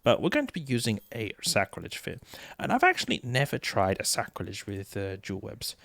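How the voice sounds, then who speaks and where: A man's voice: on the low side, huge pitch swings, a little fast, creaky, a bit bright. A man hosting a gaming channel, talking casually through a game setup while slightly ill, his voice cracking at times, thinking aloud with fillers and restarts. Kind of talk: casual gameplay commentary.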